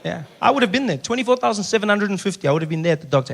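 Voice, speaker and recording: A male stand-up comedian, telling animated stories and acting out voices. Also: sits high, rapid-fire, vocal fry, hardly any pauses. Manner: animated, acts out characters, shouts at punchlines. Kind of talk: stand-up storytelling. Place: live comedy venue with audience.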